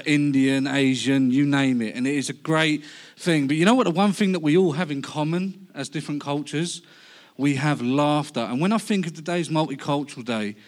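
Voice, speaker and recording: A man with a Cockney accent preaching a humorous sermon, joking and lively. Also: on the high side. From London. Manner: jokey, lively delivery.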